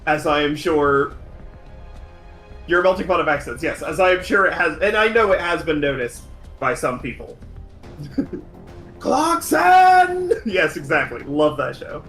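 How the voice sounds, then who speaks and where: A man streamer with a general American accent, chatting loosely and doubling back mid-sentence. His voice sits a little high, and it sounds roomy and echoey, with game music playing softly underneath. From New England, US. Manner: rambling, self-correcting, quick to laugh. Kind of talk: casual chat while gaming.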